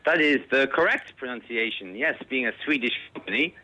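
Bright-voiced Irish man in his forties. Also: mid-range voice, lively intonation, brisk, rough recording. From Ireland. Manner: precise, fussy about pronunciation. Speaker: caller. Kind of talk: casual chat. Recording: radio call.

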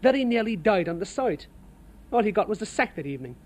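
A man with an Irish accent, a building site labourer, giving a measured, sardonic account of life on the sites. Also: sits high, sing-song. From Ireland. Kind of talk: storytelling testimony.

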